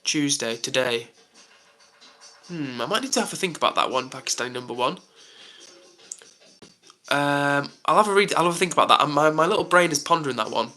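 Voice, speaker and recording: A man's voice: fairly high pitch, animated, quick pace, sharp tone, soft background music. A young man on a live stream, chatting casually and reading out comments with lots of "like" and "um".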